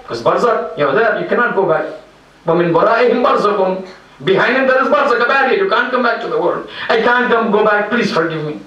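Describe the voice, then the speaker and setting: A man's voice: high voice, lively intonation, rapid-fire, pushed and bright. A man preaching a sermon, telling a story with feeling and acting out the dialogue of its people. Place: Islamic center lecture hall. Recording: echoey hall, mic far off.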